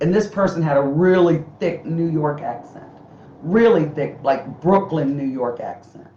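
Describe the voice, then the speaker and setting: A woman talks through her work as a medium, her telling lively and candid. Her voice rings around an echoey room and comes through dull and lo-fi. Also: deep voice, moderate pace. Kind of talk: casual interview talk.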